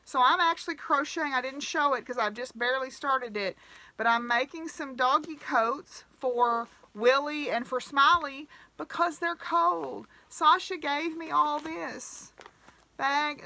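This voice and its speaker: A woman's voice: high-pitched, bright, forceful tone. A woman hosting a knitting podcast, chatting casually and gratefully, with frequent exclamations. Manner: gushing, grateful, chatty with laughs. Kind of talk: casual chat to camera.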